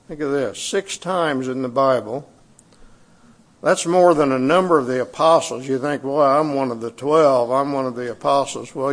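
Gravelly-voiced man preaching a sermon. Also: mid-range voice. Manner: conversational, halting with fillers and restarts. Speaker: pastor. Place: church sanctuary.

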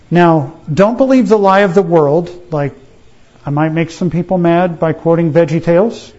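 A man's voice: fairly high pitch, darkish tone. A man preaching a sermon at a family camp, folksy, speaking straight to the children and checking in with "right?". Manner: folksy, addressing children directly with frequent "right?" check-ins. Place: church camp meeting. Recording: dull lo-fi sermon recording.

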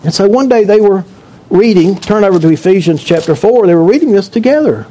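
A man's voice: high-pitched, expressive, brisk, warm tone. A man preaching a sermon to his congregation in a church, talking in a conversational, joking way and asking the room questions. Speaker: pastor.

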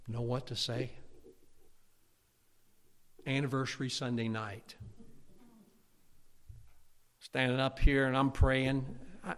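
A man preaching a sermon, swinging between loud fervent passages and quiet intimate asides. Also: mid-range voice. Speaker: pastor.

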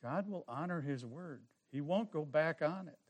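A man's voice: fairly high pitch, animated, moderate pace. Earnest man preaching a testimony sermon. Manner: earnest, swings from soft to forceful.

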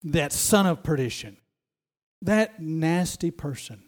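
A man's voice: a little high, expressive, takes it slowly. A man preaching a sermon, emphatic, often repeating phrases and restarting as he stresses a point.

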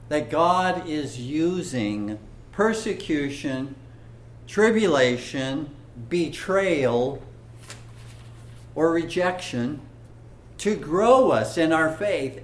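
A man preaching a sermon, slow and earnest, building to emphatic swells. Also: fairly high pitch, reverberant.

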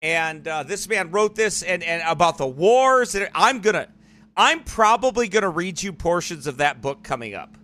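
Man, church livestream host, fairly high and forceful voice, rambling casual talk. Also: animated, moderate pace. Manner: rambling, digressive. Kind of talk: casual live-stream commentary.

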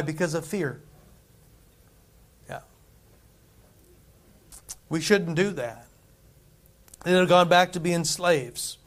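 A man's voice: high voice, fairly bright tone. A man preaching a conversational sermon, repeating phrases for emphasis. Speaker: pastor.

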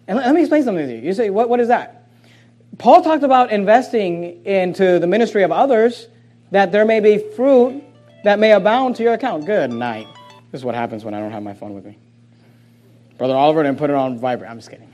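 A man preaches a sermon with an unusually high-pitched voice. He swings between loud, forceful outbursts and quiet, low asides. He mimics people's excuses in a whiny tone before answering them bluntly. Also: brisk. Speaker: pastor.

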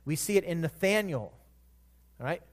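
A man preaching a sermon in a church, earnest, swelling louder on scripture and dropping soft at the ends of phrases. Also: a little high, lively intonation, normal speed. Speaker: pastor.

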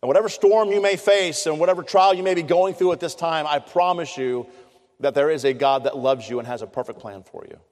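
A man's voice: a little high, brisk, a little mellow. A middle-aged man preaching a sermon, telling stories in an earnest, conversational way with frequent restarts. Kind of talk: sermon with personal storytelling. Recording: long hall reverb.

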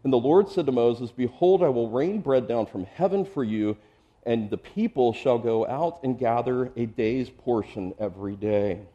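Mellow-voiced pastor preaching casually. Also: male voice, mid-range voice, animated, normal speed, dull audio. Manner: conversational, with asides and chuckles; repeats words while thinking. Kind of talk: expository sermon.

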